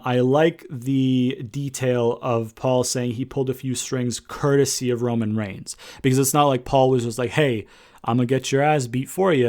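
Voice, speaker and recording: A man's voice: mid-range voice, darkish tone. Man rambling through a wrestling recap. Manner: rambling, many fillers and restarts. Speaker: wrestling show reviewer. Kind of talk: casual recap commentary.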